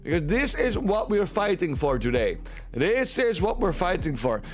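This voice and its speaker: A man's voice: high-pitched, very animated, normal speed. A Dutch man with a Dutch accent, casually commentating marble races on his live stream, playful and repeating himself. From Netherlands.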